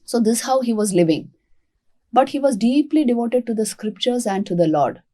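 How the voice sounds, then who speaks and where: A woman, a monastic teacher giving a spiritual talk and calmly telling a devotional story. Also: on the high side, moderate pace. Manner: calm, expressive storytelling.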